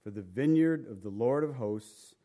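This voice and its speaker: A man leading a Bible study. He reads scripture aloud, then explains it in plain, halting talk and often repeats words. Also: medium pitch, lively intonation, highs cut off. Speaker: Bible teacher. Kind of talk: informal Bible study teaching.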